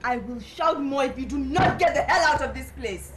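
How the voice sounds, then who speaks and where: A woman's voice: on the high side, expressive, moderate pace, music in the background, close to an everyday voice. A woman playing an angry young woman who bluntly insults and threatens a former suitor in a comedy skit. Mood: furious. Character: furious young woman, Susan, scorned and insulting.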